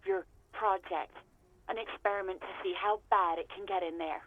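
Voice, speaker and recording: A woman's voice: mid-range voice, steady tone, normal speed, narrow, tinny audio, a little hiss or hum, lightly acted. A woman voicing a weary young former hotel clerk who talks bluntly and with exasperation. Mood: exasperated.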